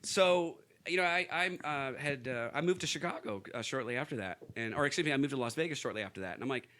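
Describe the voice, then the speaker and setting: A man's voice: medium pitch, quick pace, bright, forceful tone. A man from Kentucky, a podcast guest, telling stories in a casual chat, laughing often and restarting his sentences. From Louisville, Kentucky, US.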